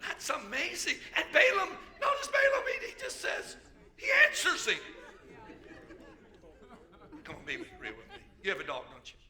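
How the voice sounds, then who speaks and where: A man pastor preaching a sermon, storytelling with jokes and sudden loud bursts. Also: very high-pitched, wildly swooping pitch, moderate pace, pauses often, some chatter behind. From United States.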